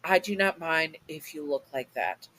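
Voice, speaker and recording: A woman voicing a soft-spoken, devoted and possessive young man in a fan audio story, gentle and affectionate. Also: low voice, unhurried, slight background noise, poor audio. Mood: worried.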